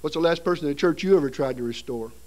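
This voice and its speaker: Speaking very fast in a fairly high, slightly mellow voice, a middle-aged man preaches to an audience in a seminary hall. At this seminar he tells a funny story, performing the voices and sound effects himself.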